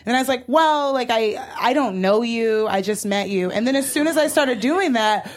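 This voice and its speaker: A young adult woman chatting casually, telling a story with animated quoted voices and loud bursts of anger. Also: fairly high pitch, moderate pace. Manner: animated, acts out quotes, gets loud when retelling anger.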